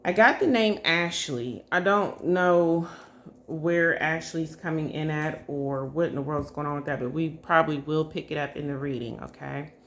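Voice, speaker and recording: A woman with a low voice, speaking at a moderate pace over slight background noise, gives her viewers a casual psychic reading to camera. She's chatty but hesitant, full of hedges and fillers, and keeps checking in with "okay?" and "y'all."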